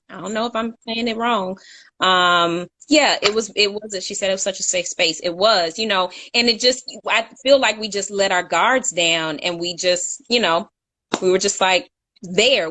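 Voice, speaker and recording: A woman's voice: mid-range voice, pushed and bright. A woman co-hosting a casual talk show, telling a long story in a chatty way and stopping to correct her own slips with a laugh. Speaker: co-host.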